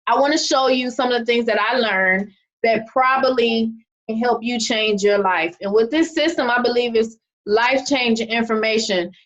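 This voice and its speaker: A young adult woman giving a casual presentation on a video call, chatty and often checking in with "okay?". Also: fairly high pitch. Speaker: online marketing presenter. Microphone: video call microphone. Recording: muffled video call audio.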